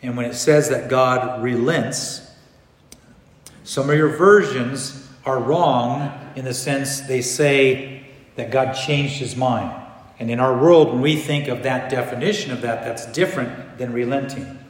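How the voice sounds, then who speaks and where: A man preaching a sermon as pastor, animated, swinging between loud bursts and hushed passages. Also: medium pitch, unhurried. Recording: echoey hall.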